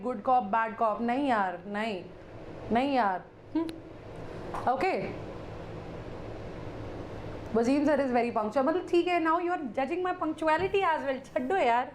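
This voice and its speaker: High-voiced Indian woman teacher, playful and theatrical, chatting in Hindi-laced English during a live class. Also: rapid-fire, pauses often, slight background noise.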